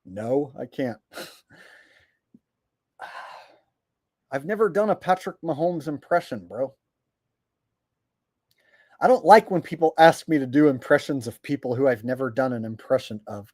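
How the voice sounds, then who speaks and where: Guy streamer reading super chats, cussing and ranting, dry room, normal pitch. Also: expressive, measured pace, long pauses, a little mellow, dry recording. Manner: blunt and profane, exasperated rants; reads viewer messages aloud in mock voices. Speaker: livestream host reading viewer super chats. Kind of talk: casual livestream chat.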